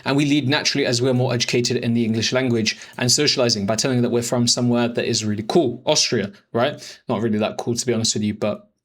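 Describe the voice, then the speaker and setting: A young man coaching as a dating expert, talking over chat screenshots in a mocking, profane, rapid-fire way. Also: medium pitch, steady tone.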